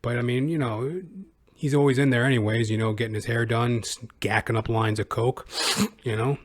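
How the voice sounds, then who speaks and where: At a moderate pace and steady tone, a male podcast host rambles through sarcastic commentary. His pitch is middling, and his casual talk is loaded with profanity and filler.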